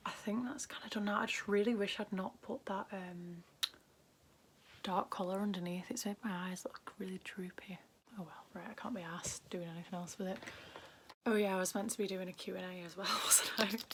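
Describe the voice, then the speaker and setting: A young woman with a Northern English accent chats through her makeup routine in a loose, rambling way. Her voice has a gravelly, fry-tinged edge, and her pitch sits mid-range. She often slips into soft half-whispers and ends sentences on an upward lilt. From Northern England. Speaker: beauty vlogger. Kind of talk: casual chat while doing makeup.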